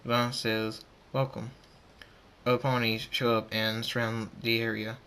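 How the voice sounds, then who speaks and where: A man with a bright, forceful voice reads a homemade fan story aloud. His delivery is plain and amateur, with small stumbles and restarts. A faint rumble sits low behind him. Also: completely flat delivery, moderate pace.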